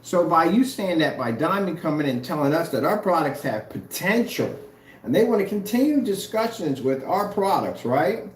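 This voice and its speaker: A man's voice: on the high side, sing-song, moderate pace. A man hosting a trash-talking challenge vlog who taunts his rivals and boasts about his paint product. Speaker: vlogger selling paint products. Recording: echoey room.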